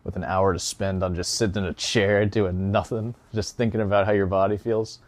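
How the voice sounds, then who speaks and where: A man's voice: low-pitched, flat delivery, fairly quick, no echo. A young man hosting a casual solo podcast as a guitar teacher, rambling and joking with lots of fillers, a little out of breath. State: slightly out of breath.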